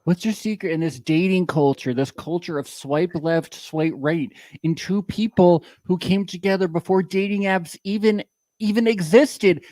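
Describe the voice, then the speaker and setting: A man's voice: high-pitched, moderate pace, a little mellow, no room sound. A man co-hosting a chatty podcast, asking playful, rambling questions with plenty of restarts. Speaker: podcast co-host. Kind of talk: casual chat.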